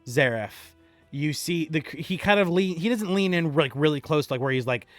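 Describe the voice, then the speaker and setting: A man's voice: fairly high pitch, lively intonation, normal speed, dry recording, soft background music. A man narrating a tabletop game as game master. He describes scenes in detail and often restarts his sentences. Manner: descriptive with frequent restarts and laughter.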